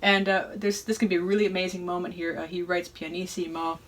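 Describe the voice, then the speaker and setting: A woman's voice: on the low side, level tone, fast talker, rough recording. A woman hosting an informal music analysis lesson, reflective and thinking aloud, often checking in with "right?". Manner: reflective, explains with frequent "right?" and hesitations. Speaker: music educator and host. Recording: voice over loud playing music. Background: loud choral and organ music playing underneath.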